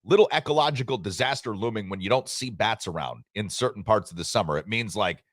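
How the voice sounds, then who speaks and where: A man's voice: lowish voice, animated, fast talker, no room sound, clean studio sound. A man hosting a sports radio show in casual, joking chat, rambling and reading listener messages.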